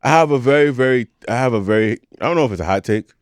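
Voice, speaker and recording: A man co-hosting a podcast, chatting casually in an animated, profane rant with frequent laughter. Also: medium pitch, rapid-fire, clear, resonant tone, dry recording, studio quality. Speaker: podcast co-host. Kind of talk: casual chat.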